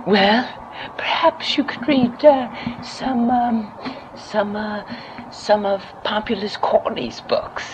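A woman's voice: mid-range voice, slow pace, very noisy. A woman in a homemade radio comedy, playing a prim lecturing teacher with a put-on English accent. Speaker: amateur radio-play actor as a pompous literature teacher.

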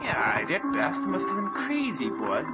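A man's voice: sits high, huge pitch swings. A man voicing a folksy detective sidekick in an amateur comedy radio play, drawling unhurriedly. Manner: drawling, unhurried, says "boy". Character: slow-talking folksy male detective sidekick. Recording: lo-fi with music behind.

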